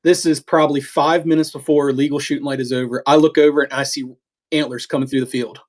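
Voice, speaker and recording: A middle-aged man telling a story in a casual, animated way, halting with restarts and acting out what was said. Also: on the high side. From eastern United States. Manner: animated, halting with restarts, acts out quoted talk. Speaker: podcast co-host telling a hunting story.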